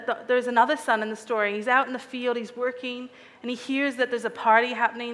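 A woman's voice: a little high, sharp tone. Earnest woman preaching in an echoing hall. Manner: earnest, reflective, asks searching questions. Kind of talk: sermon.

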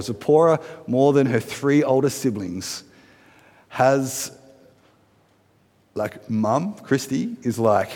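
Man in his thirties, casual preacher who questions his congregation and jokes gently; mid-range voice, recorded with a long hall reverb. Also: medium pitch. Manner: conversational, asks the congregation questions, light humorous asides. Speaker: pastor. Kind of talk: sermon.

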